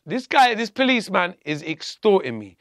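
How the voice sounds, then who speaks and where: A man, a podcast guest, telling his story in casual, profane, animated talk and acting out what others said. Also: high voice, normal speed, no echo. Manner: profane, animated, acts out quoted dialogue.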